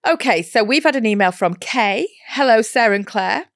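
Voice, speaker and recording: A woman in her fifties with an English accent chats on a podcast, her pitch swinging widely as she laughs and reacts. The sound is close and dry. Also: normal speed, dry recording. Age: 50s. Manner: laughs often, animated reactions. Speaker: podcast co-host. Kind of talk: casual chat.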